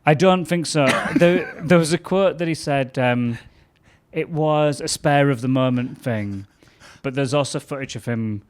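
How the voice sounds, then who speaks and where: Young guy chatting on a podcast, laughs a lot, gets animated telling stories. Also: medium pitch, unhurried, smooth. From England. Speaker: comedian guest. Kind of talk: casual chat.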